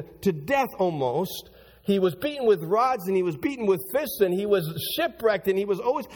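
A man preaching in a church sanctuary with a fairly high, husky voice. He swings from hushed low passages to loud, excited peaks, and a long reverb trails behind every phrase. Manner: animated preaching with big swings in pitch and loudness. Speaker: pastor. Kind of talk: sermon.

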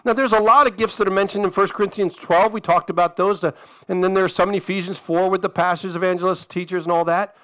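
A man's voice: high-pitched, fairly even intonation, fast talker, fairly bright tone, poor audio. A male pastor preaching a conversational sermon, asking the congregation direct questions and repeating phrases for emphasis.

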